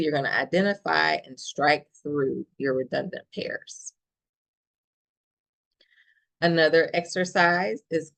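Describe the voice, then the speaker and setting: A woman's voice: sits low, gravelly, low-quality recording. A woman professor presenting a writing workshop, explaining steadily and checking in with the audience with frequent "okay?". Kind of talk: instructional workshop talk.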